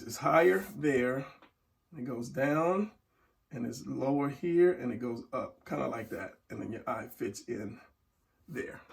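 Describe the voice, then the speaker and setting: A man's voice: mid-range voice, gravelly, far from the mic. A middle-aged man teaching a casual drawing tutorial, talking while he draws and trailing off into murmurs. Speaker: drawing instructor.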